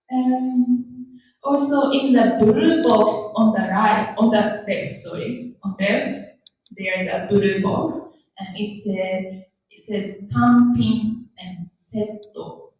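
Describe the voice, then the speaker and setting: A woman with a Japanese accent leads a slow, patient classroom lesson, saying each word twice. She sounds far from the mic in a very echoey room, and the recording is dull and lo-fi. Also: medium pitch, a little mellow, a little hiss or hum. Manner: repeats words slowly, laughs often. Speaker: language teacher.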